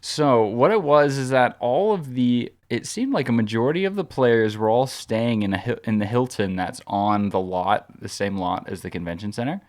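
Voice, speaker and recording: A man's voice: medium pitch, moderate pace, hardly any pauses. Chatty man rambling through a story. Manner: rambling, animated anecdote-telling, full of fillers like "like". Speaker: podcast co-host. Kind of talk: casual storytelling chat.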